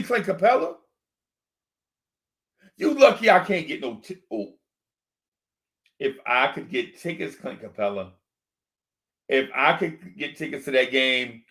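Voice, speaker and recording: A man hosting a sports fan talk stream into a desk microphone. He rants in an animated, repetitive way and keeps yelling the same rhetorical questions. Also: mid-range voice. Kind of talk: live-streamed fan rant.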